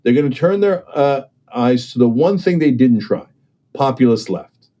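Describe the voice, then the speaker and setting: A mellow, expressive mid-range male voice, recorded with the highs cut off, talks at normal speed in an impassioned political exchange. The commentator and guest argues persuasively and emphatically, repeatedly asks "right?" and "okay?", and acts out the voices of those he quotes.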